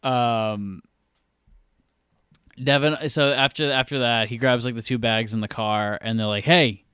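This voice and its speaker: A man's voice: mid-range voice, smooth, no echo, studio quality. A man co-hosting a podcast, recapping a film scene in casual chat and acting out the characters' lines as he goes. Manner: animated retelling, acting out lines in quick voices. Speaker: podcast co-host.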